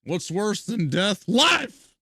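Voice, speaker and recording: A man's voice: sits high, animated, moderate pace, vocal fry, fairly bright tone, no echo, clean studio sound. A man streaming a video game, ranting with heavy profanity and bursts of laughter as he comments live.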